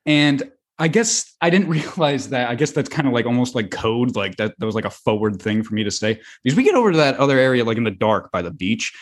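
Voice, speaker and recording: Young American man, husky, podcast host; rambling, animated storyteller. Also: mid-range voice, fast talker, few pauses. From United States. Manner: rambling, animated, lots of fillers and swearing. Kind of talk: casual storytelling.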